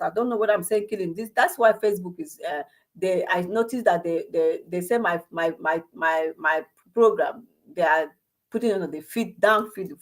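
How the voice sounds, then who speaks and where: A woman with a Nigerian accent giving an impassioned monologue, firing off rhetorical questions and restarting her sentences. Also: mid-range voice. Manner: rhetorical questions, many restarts, switches into Igbo. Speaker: commentator on a personal channel.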